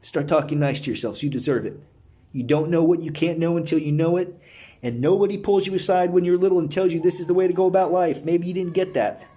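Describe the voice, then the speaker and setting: A man's voice: on the high side, fast, mellow. A man leading a guided breathwork session, earnest and encouraging, talking in a casual, slangy way to his listeners. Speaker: breathwork facilitator.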